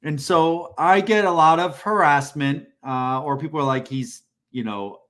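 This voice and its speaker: A man co-hosting a live job-search show with a slightly higher-than-usual voice. He talks in a loose, casual way and stays blunt and direct, giving advice straight without softening it. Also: fairly even intonation, moderate pace. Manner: blunt, direct, self-described band-aid ripper. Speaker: co-host of a military job-search livestream. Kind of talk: casual livestream talk.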